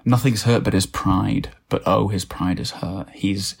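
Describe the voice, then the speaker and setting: A man improvises a comic story and keeps circling back with fillers and false starts. His voice sits low and has a husky, gravelly texture. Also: steady tone, unhurried. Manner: rambling, full of fillers and restarts.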